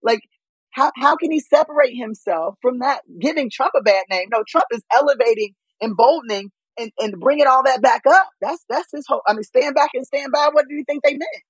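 A woman's voice: high voice, lively intonation, fairly quick, slightly rough, no room sound, lo-fi sound. A woman guest giving emphatic political commentary, firing off rhetorical questions. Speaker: guest, political organization CEO.

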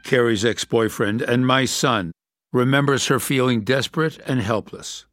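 A man with a mid-range voice reads scripted documentary narration. His delivery is measured and matter-of-fact, with faint music underneath. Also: medium pitch, a bit bright, no echo, clean studio sound. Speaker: podcast narrator.

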